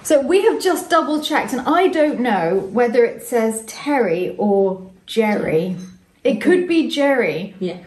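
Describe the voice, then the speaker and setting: A woman hosts a casual home vlog, exclaiming over each gift in a high, lively voice. The kitchen adds a roomy echo, with a faint noise underneath. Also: unhurried. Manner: gushing, exclaims over gifts. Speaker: vlog host opening gifts. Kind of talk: casual chat.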